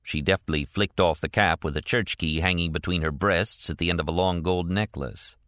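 A man narrating an audiobook in a measured, even storytelling voice. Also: deep voice, no echo, studio quality.

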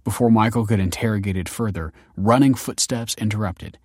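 Brief: male narrator, measured storybook delivery, low voice, dry close sound. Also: darkish tone, dry recording. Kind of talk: scripted audiobook narration.

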